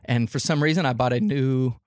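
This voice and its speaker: A man spins a long, rambling story in casual podcast chat, his voice sitting mid-pitch. He keeps hopping into high squeaky impressions of other people as he goes. The mic is close and dry. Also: brisk, no echo. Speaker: podcast guest, comedian.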